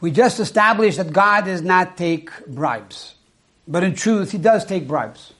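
A man giving a sermon as a rabbi, teaching in a measured way and posing rhetorical questions to his listeners. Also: sits high, lively intonation, bright, forceful tone.

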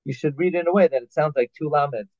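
A man's voice: fairly high pitch, quick pace, a little mellow, dry recording. Man teaching Talmud law on a tinny line. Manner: reads Hebrew phrases then explains them in English, with restarts and fillers. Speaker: Torah teacher. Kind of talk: halacha class, translating Hebrew text line by line. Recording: tinny phone-like line, dry.

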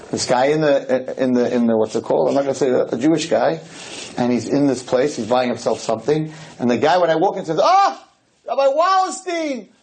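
A rabbi giving a humorous storytelling lecture, animated and jokey, jumping into high voices for the people he quotes. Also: rough recording. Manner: jokey, rapid asides.

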